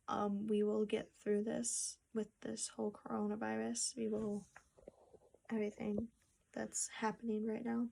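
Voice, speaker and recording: Slow, gravelly-voiced young woman vlogging. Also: mid-range voice, monotone, slight background noise. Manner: soft-spoken, halting, with restarts and sad pauses. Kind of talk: personal vlog to camera. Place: home room with a treadmill. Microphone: phone camera.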